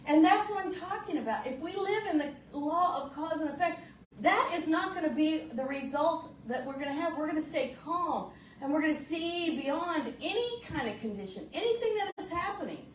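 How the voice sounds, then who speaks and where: A woman's voice: sits high, expressive, normal speed, slight background noise. Woman minister preaching in an echoey church. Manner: folksy, searching, repeats words when restarting. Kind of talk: conversational sermon. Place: church sanctuary. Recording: roomy church sound from a distant mic.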